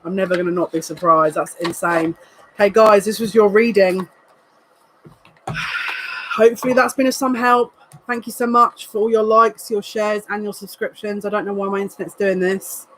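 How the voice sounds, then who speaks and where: A woman working as a psychic reader does a live card reading for viewers, excitable and emotional, peppered with quick asides. Her voice is mid-range, the recording is rough, and there's slight background noise.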